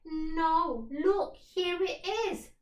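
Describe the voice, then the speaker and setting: A young female pirate from a storybook cries out in shrill, eager bursts, as a woman plays her. The voice is very high and bright. It rings in a roomy space, away from the mic. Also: little pitch movement, normal speed, recorded from a distance. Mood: excited.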